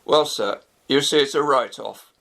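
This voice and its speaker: A man plays a polite, formal police officer, speaking slowly and evenly. His voice has a gravelly edge. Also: medium pitch, bright, forceful tone. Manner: formal and measured.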